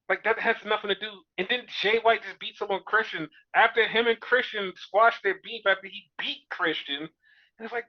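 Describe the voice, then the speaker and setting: A man co-hosting a casual wrestling review chat, telling events in an animated, profane, exasperated way. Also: sits high, moderate pace. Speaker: podcast co-host. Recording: dull lo-fi recording.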